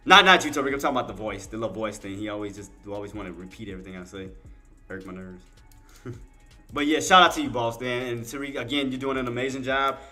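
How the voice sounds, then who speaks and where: A man's voice: medium pitch, bright, forceful tone. A man hosting a live day-trading stream, talking emphatically to his chat and repeating himself, at times getting emotional as he thanks viewers. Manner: turns tearful and heartfelt thanking viewers. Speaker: livestream day-trading host. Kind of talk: live market commentary to chat.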